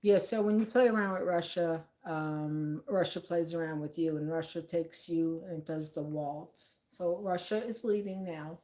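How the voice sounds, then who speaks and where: A middle-aged woman with a fairly low voice talks slowly and unhurriedly as a vlogger. She rambles through her commentary with a sarcastic edge, circling back with fillers and side remarks. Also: steady tone, warm tone. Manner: sarcastic, meandering, many fillers.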